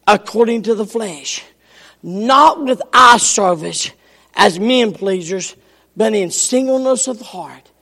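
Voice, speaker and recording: An older man preaching a sermon, swinging from shouts to hushed near whispers. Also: very high-pitched, vocal fry. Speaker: pastor. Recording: long hall reverb.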